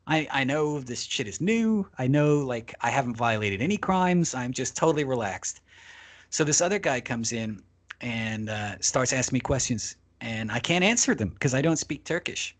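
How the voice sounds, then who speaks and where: A man's voice: mid-range voice, fairly bright tone. A man, a podcast guest, telling a long travel anecdote in casual, profanity-laced talk. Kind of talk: casual storytelling.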